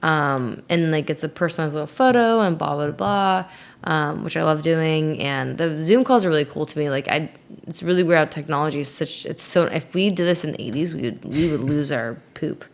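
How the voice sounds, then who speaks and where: A woman's voice: low voice, fairly quick. A woman as an interview guest, chatting casually in a rambling way, with many fillers and little giggles. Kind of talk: casual chat.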